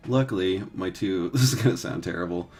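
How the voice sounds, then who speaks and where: Rambling laid-back man, slightly low voice. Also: a little fast, a little mellow, faint music behind. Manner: rambling, filler-heavy, swears and laughs easily. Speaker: 3D artist streaming his texturing work. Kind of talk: casual chat while painting live.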